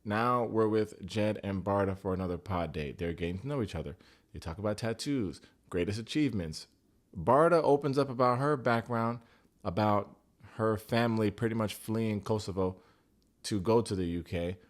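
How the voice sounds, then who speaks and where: A man's voice: fairly low pitch, moderate pace. An American man giving a casual, joking recap of a reality dating show, blunt and sarcastic, swearing freely. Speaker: TV recap reviewer.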